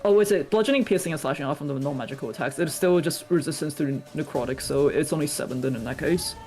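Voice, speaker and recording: Game master, patient, steady, mid pitch, quietly going over the rules. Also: fast talker, faint music behind. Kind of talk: running a tabletop game.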